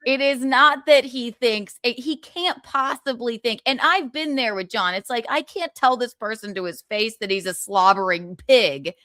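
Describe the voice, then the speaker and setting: A woman's voice: fairly high pitch, normal speed, hardly any pauses, dry recording, clean studio sound. A woman in a casual gossip chat, telling stories with laughter and acting out quoted lines. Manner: laughing, animated storytelling with mimicked quotes. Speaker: stream guest.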